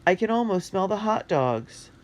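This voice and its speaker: A narrator voicing a dramatic, food-loving young boy who complains loudly. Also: medium pitch, very animated, moderate pace, a little hiss or hum, voice pushed up, natural voice. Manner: loud, whining complaints.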